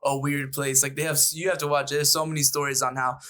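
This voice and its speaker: A man's voice: on the high side, flat delivery, fast, sharp tone. A man co-hosting a casual podcast, easygoing and steering the talk with questions. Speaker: podcast co-host. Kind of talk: casual chat.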